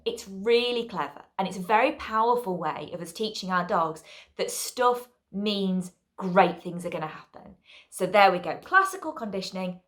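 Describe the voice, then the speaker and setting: Lively woman dog trainer. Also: mid-range voice. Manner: lively, chatty explaining with checking "okay?". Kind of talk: online class teaching.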